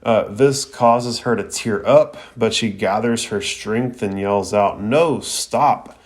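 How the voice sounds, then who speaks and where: A man's voice: on the low side, steady tone, slow. A young man recapping an anime episode in a laid-back, slangy podcast style, with plenty of fillers.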